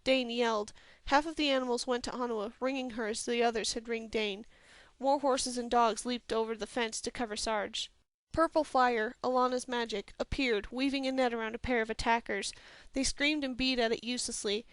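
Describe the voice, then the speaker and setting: Woman, audiobook narrator, higher voice, smooth clear tone, dry close sound, steady reading. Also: normal speed, no echo. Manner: steady, even storytelling reading. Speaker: audiobook reader. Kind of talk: scripted fantasy novel narration.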